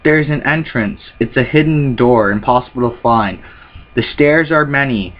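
Male manga reactor, mid pitch, reads panels aloud, dull lo-fi sound. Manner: reads character lines in quick put-on voices between plain remarks. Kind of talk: reading a manga chapter aloud with commentary.

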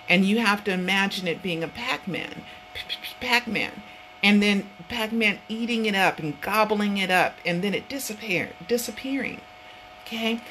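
A woman's voice: mid-range voice, fairly bright tone, slight background noise, poor audio. A woman hosting her own online show, talking casually from her home office in an earnest, rambling way, often repeating herself. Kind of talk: casual vlog talk.

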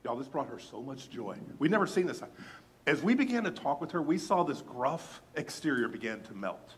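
A man's voice: mid-range voice, moderate pace. A male pastor telling a personal story in a sermon, chatty and speaking straight to the congregation, acting out what people said. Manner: animated, acts out quoted dialogue; chatty, addresses congregation directly.

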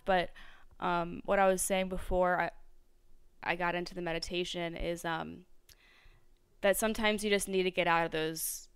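Woman, young adult, podcast host, solo monologue, rambling and reflective, very smooth voice, flat low delivery. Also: dry recording. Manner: reflective, rambling, many fillers and restarts.

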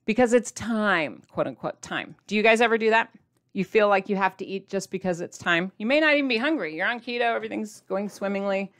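A woman talking straight to her viewers in a casual vlog, chatty and playful, with sudden jumps in pitch for emphasis. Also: animated, a little fast, a bit bright. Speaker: diet vlogger addressing viewers.

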